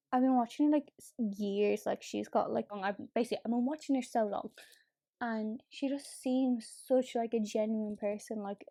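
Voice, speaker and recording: A woman's voice: on the high side, dark tone, dry recording, studio quality. A woman chatting casually as a beauty vlogger while doing her makeup, full of fillers and easy swearing. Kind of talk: casual get-ready-with-me chat.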